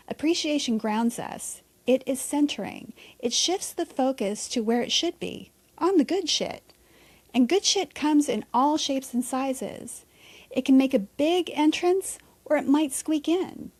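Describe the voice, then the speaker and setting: A woman's voice: high-pitched, a little mellow. A woman hosting a reflective solo podcast, talking candidly and conversationally with a bit of mild swearing. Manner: candid, conversational, mildly profane. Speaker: podcast host.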